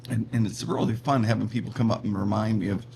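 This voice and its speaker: Middle-aged male guest, animated storyteller with faint background hum. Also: lowish voice, fast, vocal fry. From Pittsburgh, USA. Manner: animated, laughs often, acts out voices in his stories. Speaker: comedian and radio personality guest. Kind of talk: casual storytelling interview.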